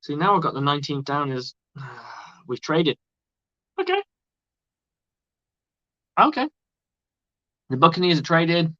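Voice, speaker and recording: A man's voice: on the high side, very animated, moderate pace, long pauses, a bit bright, dry recording. A man hosting a live stream with casual sports commentary, rambling and chatty and swearing freely. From outside the United States. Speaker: livestream host. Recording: dull lo-fi dry sound.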